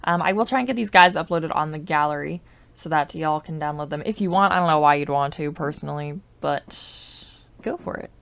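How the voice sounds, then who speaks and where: A woman YouTuber giving casual, rambling commentary on her game, full of likes and I don't knows, sometimes dropping to soft muttered asides into a desk microphone. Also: low voice, a little fast, creaky, smooth. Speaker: gaming YouTuber.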